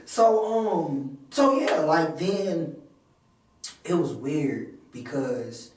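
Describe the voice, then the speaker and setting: A man with a fairly high voice chats casually as a podcast co-host. He tells stories with animated energy and often breaks into laughter. He is recorded from a distance in a very echoey room. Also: very slow. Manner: animated storyteller, laughs while telling stories. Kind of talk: casual chat.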